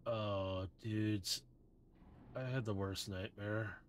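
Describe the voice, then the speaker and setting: A dozy surfer-dude robot drawls slowly and quietly, as a man puts him on. He is laid-back and half-awake. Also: lowish voice, fairly even intonation, slight background noise. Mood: dazed. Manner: slow, drawling and dreamy.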